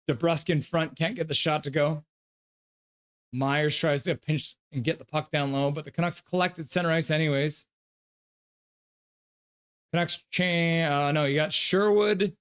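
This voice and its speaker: A man with a somewhat high voice hosts a casual live stream. He reads out viewer comments and calls the plays loosely as they happen. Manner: gives loose play-by-play; coos at his dog. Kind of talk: casual live game reaction and chat reading.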